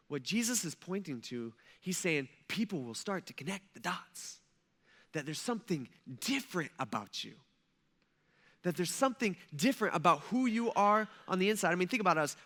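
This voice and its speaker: A male pastor preaching a sermon in an animated, conversational way, often checking in with "right?". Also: high-pitched. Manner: animated, conversational, with frequent tag questions.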